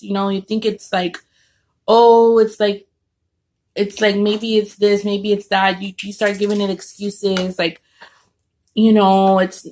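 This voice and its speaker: A woman's voice: mid-range voice, a little hiss or hum. A woman telling a story casually at home, rambling with many fillers and restarts. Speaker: vlogger telling a story while eating.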